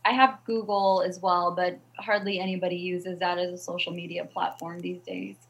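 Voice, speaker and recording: A woman's voice: lowish voice, moderate pace, vocal fry, fairly bright tone, slightly rough, lo-fi sound. A woman comedian answering interview questions in a chatty, self-deprecating way, with many fillers. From Southern California. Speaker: stand-up comedian guest.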